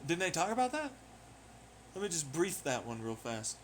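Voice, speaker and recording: High-pitched guy ranting and cussing, voice all over the place. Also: very animated, normal speed, fairly bright tone. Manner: profane, full of rhetorical questions. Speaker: vlogger. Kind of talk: rambling monologue.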